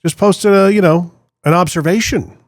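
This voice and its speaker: A man's voice: sits high, normal speed, no echo, studio quality. A man hosting a podcast in casual chat, agreeable, often answering with short agreement and telling his own anecdotes. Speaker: podcast host.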